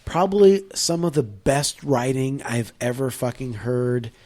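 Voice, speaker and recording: A man's voice: mid-range voice, unhurried, a little mellow. A man as a podcast guest, chatting enthusiastically, rambling and swearing heavily. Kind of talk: casual podcast chat.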